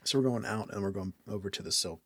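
Chatty low-voiced man playing a tabletop game. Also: fast, fairly bright tone, slightly rough, no echo. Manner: chatty, questioning, jokey. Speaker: player. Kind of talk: casual tabletop game chat.

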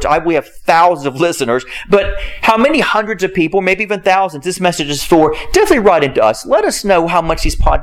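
A man hosting a podcast, preaching an earnest sermon with repeated words and emphatic turns. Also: high voice.

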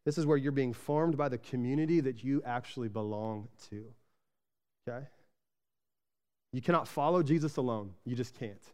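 A man from Arizona delivers a sermon with a smooth, resonant voice in an ordinary middle register. He preaches in a relaxed, conversational way, often tossing rhetorical questions to his listeners. His stories grow lively and louder. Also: mid-range voice, normal speed, pauses often. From Arizona, USA. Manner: casual, chatty preaching with frequent "right?" asides to the congregation; animated storytelling, rising louder when excited. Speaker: pastor.

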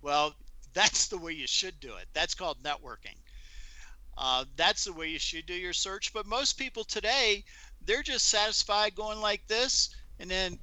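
A man in his seventies, a podcast guest and author, telling animated stories in a chatty interview. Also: high voice, moderate pace, dry recording. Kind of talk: anecdotal storytelling in an interview.

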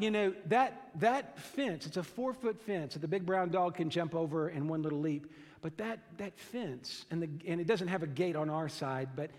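High-voiced man preaching in a reverberant hall. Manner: earnest, emphatic preaching with slow stressed phrases and frequent repeated words. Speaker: pastor. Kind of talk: sermon.

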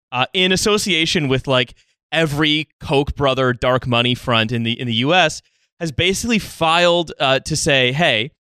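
A male podcast host with a bright, forceful tone and a voice sitting a little high. He keeps the chat casual and sardonic, laughing often between points. The sound is dry and close. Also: no echo.

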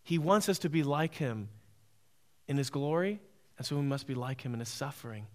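A man's voice: medium pitch, expressive, normal speed, darkish tone. A man preaching a sermon, emphatic and repetitive, often asking "right?".

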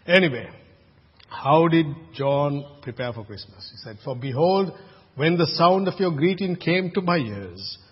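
A man's voice: on the high side, lively intonation, measured pace, slightly rough, long reverb tail, dull audio. A man from Sri Lanka preaching a sermon as pastor, chatty and asking the congregation questions. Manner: conversational, asks the congregation questions.

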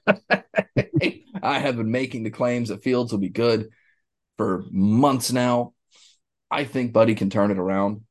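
A man co-hosting a podcast, chatting casually about sports in a rambling, animated way with many restarts. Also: mid-range voice, takes it slowly, pauses often. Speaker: podcast co-host.

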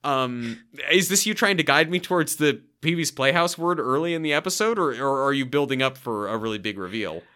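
A man co-hosting a casual podcast from his home office, animated and quick to laugh, his voice climbing when he gets worked up. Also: mid-range voice, smooth. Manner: animated, laughs often, rises when excited. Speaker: podcast co-host. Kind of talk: casual chat.

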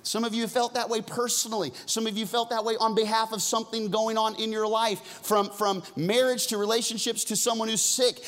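A man's voice: level tone, a little fast, hardly any pauses. Male pastor preaching with dramatic swings. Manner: swings from loud, high emphasis to soft, hushed near-whispers. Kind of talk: sermon.

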